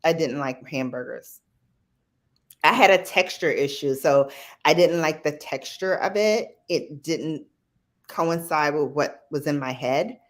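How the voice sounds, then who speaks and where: A woman with a low, even voice chats casually as a guest on a live stream. She tells her stories in a loose, reflective way, full of fillers and asides. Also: measured pace. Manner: rambling, reflective storytelling with fillers.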